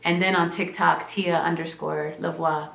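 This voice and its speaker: A woman's voice: deep voice, flat delivery, moderate pace, gravelly, fairly bright tone, roomy sound. A woman hosting a spiritual podcast, speaking with emotion and a shaking voice, repeating phrases like a preacher. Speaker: podcast host and spiritual teacher. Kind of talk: heartfelt podcast monologue.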